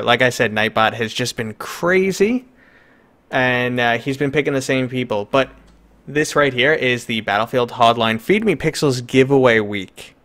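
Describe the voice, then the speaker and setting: A man's voice: mid-range voice, fairly bright tone. A man with a New York accent hosting a live stream, chatting loosely and joking with lots of fillers. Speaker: streamer host. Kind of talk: casual live-stream chat.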